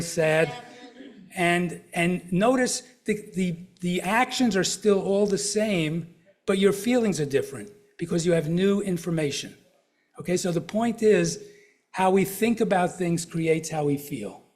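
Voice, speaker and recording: A man's voice: high-pitched, unhurried. Middle-aged man lecturing a live audience. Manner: conversational, asks the audience questions and uses examples. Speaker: counselor giving a health talk.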